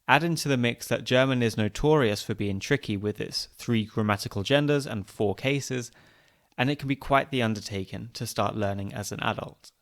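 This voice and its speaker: A man hosts a podcast, delivering scripted narration clearly and evenly. His pitch sits in an ordinary middle range for a man. The humour is light and dry. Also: normal speed. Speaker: podcast host.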